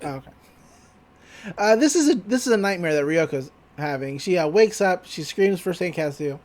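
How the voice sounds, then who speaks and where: A man's voice: sits high, lively intonation, normal speed, darkish tone. A man co-hosting a podcast, casually retelling an anime episode and rambling through it with filler words. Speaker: podcast co-host.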